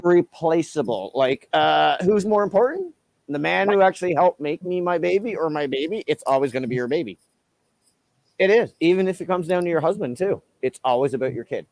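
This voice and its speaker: A man's voice: on the high side, expressive, a little fast, creaky, a little mellow, no echo. A man from Canada chatting casually on a live stream, easygoing and rambling. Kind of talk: casual chat.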